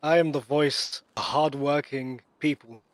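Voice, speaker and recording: A man candidate speaking in a rousing campaign tone, aiming his words at working people. His voice sits a bit high for a man and is recorded dry. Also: steady tone, unhurried, no echo. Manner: rousing, speechmaking. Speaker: mayoral candidate. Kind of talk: campaign speech.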